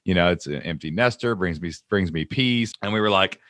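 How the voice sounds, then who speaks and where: Animated storytelling man, dry sound. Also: deep voice, brisk, dry recording. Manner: animated storyteller, excited and emphatic. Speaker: podcast host. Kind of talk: casual interview chat.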